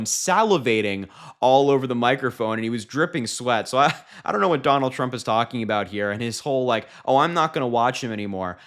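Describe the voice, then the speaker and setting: A man's voice: mid-range voice, a bit bright. A man giving sarcastic, incredulous political commentary and mocking what he has just played.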